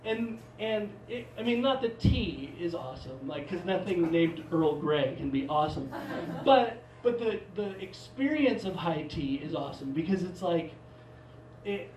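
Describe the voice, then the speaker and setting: A man's voice: fairly high pitch, very animated, moderate pace, noisy background. A man from Portland doing a stand-up comedy set, rambling and self-mocking with many restarts. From Portland, Oregon. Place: theater stage. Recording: live theater mic, roomy, from a distance.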